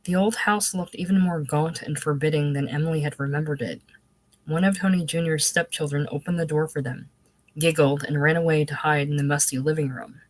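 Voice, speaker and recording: A woman reads a literary novel aloud in a measured, even way. Her voice sits low and the recording is dry and close, with no room sound. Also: no echo, low-quality recording. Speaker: audiobook reader. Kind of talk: literary audiobook narration.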